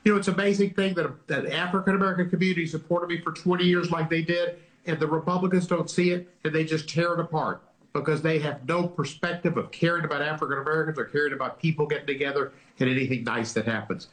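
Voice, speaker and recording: A man's voice: on the high side, fairly even intonation, fast talker, a bit bright, low-quality recording. A man in his seventies being interviewed on TV news, tearful and emotional. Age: 70s. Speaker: interviewed politician.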